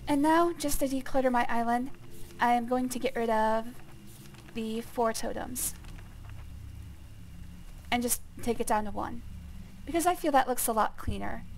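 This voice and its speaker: Woman streamer, slightly high and gravelly, chatty let's-play talk; steady noise under the mic. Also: moderate pace, pauses often. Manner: chatty, explains as she plays. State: gravelly, phlegmy voice. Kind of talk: casual let's-play commentary. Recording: clear steady background noise.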